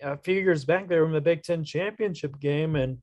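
Relaxed male podcast co-host, slightly raised pitch, dry recording, reads out predictions. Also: normal speed, dry recording. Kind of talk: casual sports podcast chat.

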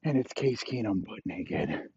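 A man's voice: fairly low pitch, animated, measured pace, mellow, slightly rough, no room sound. A man telling an improvised comic story in a rambling, profane way. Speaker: comedy storyteller. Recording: dull lo-fi recording.

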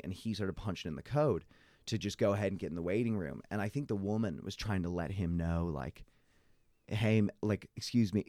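A man chatting casually, telling animated stories with many fillers. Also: low voice, no echo, studio quality. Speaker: guest. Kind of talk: casual conversation.

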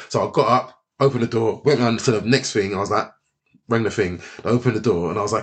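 A man's voice: on the low side, fast. A man telling fight stories in a casual chat, swearing freely and acting out the voices of the people in them. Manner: animated, swears a lot, acts out voices.

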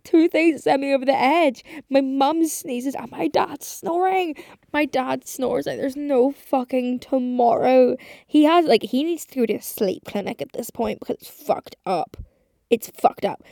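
A woman's voice: high voice, unhurried, creaky, warm tone, no echo, clean studio sound. A woman in her twenties hosting a casual solo podcast, rambling and chatty, swearing often and saying "like" constantly. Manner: rambling, chatty, swears a lot, heavy use of like. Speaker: podcast host.

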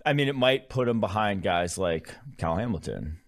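Deep-voiced man breaking down football. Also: animated. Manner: wry, analytical, quick to explain. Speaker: podcast co-host, analyst. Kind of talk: casual sports podcast chat.

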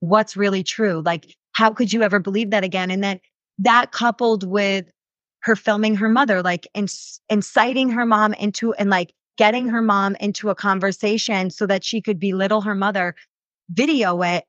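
An animated woman in her thirties talks freely as a reality show cast member, dropping "like" again and again as she goes. Her voice sits at a middle pitch for a woman. The recording is dry and a bit dull, with little room sound. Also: no echo. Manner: animated, frequent "like" fillers. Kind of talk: casual interview answers.

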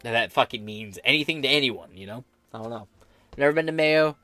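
A man's voice: mid-range voice, expressive, fairly quick, pushed and bright, faint music behind. Foul-mouthed sarcastic man ranting. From United States. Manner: profane, sarcastic, rambling. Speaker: podcast host. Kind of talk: ranting political commentary.

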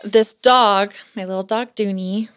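Young adult woman, casual storyteller, chatty, filler-heavy, animated, mid-range voice. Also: mid-range voice, measured pace, clean tone. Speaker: guest telling a story.

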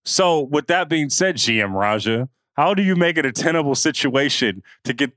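A man's voice: fairly high pitch, lively intonation, normal speed, a bit bright, no room sound, clean studio sound. A man co-hosting a casual sports podcast, easygoing and teasing, with slangy speech. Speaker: podcast co-host.

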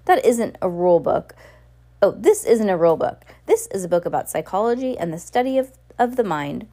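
A woman's voice: mid-range voice, sing-song, fairly quick, warm tone. A woman reading the lines of an earnest, bookish teenage boy who explains things eagerly. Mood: explaining.

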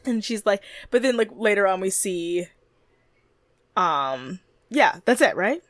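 A woman co-hosting a relaxed recap podcast. Her pitch swings freely as she chats, swears and acts out quotes. The sound is close and dry. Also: unhurried, no echo. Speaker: podcast co-host. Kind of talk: casual recap chat.

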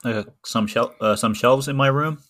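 A man's voice: medium pitch, normal speed, a bit bright, no room sound. A young man on a casual podcast chat, hesitant and often repeating words as he gets started. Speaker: podcast co-host.

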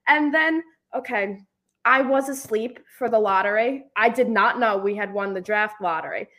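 A young woman co-hosting a casual podcast chat, telling animated stories and acting out what people said. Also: a little high, fairly quick. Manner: animated storyteller acting out quotes. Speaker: podcast co-host.

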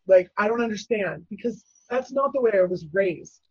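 A woman telling a personal story as a guest, animated and full of fillers, acting out other people's voices. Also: medium pitch, normal speed, hardly any pauses, husky, no room sound, muffled recording. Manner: animated, acts out quoted voices, many fillers.

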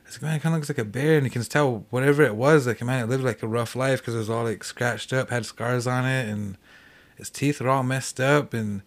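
A man guesting on a podcast tells a hunting story, rambling fast and packing it with "like" fillers. His voice sits at medium pitch with fairly even intonation, in a casual storytelling mode.

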